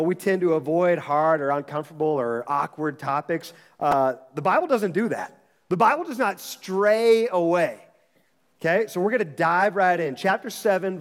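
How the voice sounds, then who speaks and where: Pastor guy preaching, kinda high voice, lots of restarts, echo from a big church hall. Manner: emphatic, repeats phrases, frequent restarts. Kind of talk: sermon.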